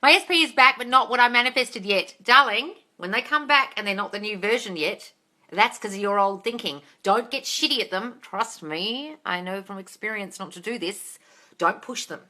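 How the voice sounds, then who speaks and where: A woman's voice: medium pitch, moderate pace, sharp tone. A woman hosting a casual live-stream Q&A. She reads out viewer comments, swears freely and calls listeners darling. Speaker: host of a manifesting Q&A live stream.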